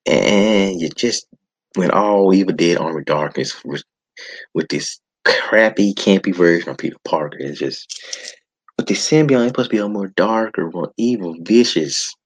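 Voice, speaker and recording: A man's voice: low voice, expressive, moderate pace, low-quality recording. A man hosting a podcast, ranting in a casual, exasperated way with sighs and restarts. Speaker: podcast host. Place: home setup.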